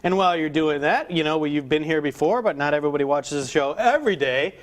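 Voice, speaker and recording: Man, morning TV host, slightly higher voice, easy conversational tone. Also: quick pace. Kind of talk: interviewing a guest chef. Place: TV studio.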